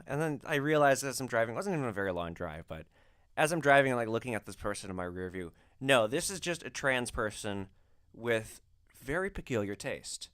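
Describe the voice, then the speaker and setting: A man's voice: medium pitch, expressive, brisk, a bit bright, smooth. A man hosting a podcast, telling stories casually with loose, profane phrasing and lots of filler words. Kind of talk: casual storytelling.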